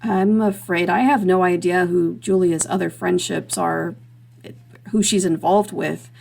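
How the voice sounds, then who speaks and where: A guarded grown man answers in a hesitant, wary way, read by a woman in her own voice. The voice has a gravelly grain and an everyday pitch. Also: fairly even intonation, a little slow, a little mellow, a little hiss or hum. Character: guarded adult man, former theater actor.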